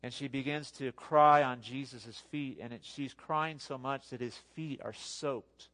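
Guy preaching a sermon, casual and lively, talks right to the crowd. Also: mid-range voice, unhurried. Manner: conversational, animated preaching with asides. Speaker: pastor.

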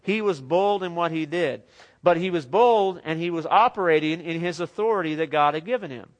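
A man preaching a sermon in a lively, conversational way with joking asides. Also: on the high side, a little fast.

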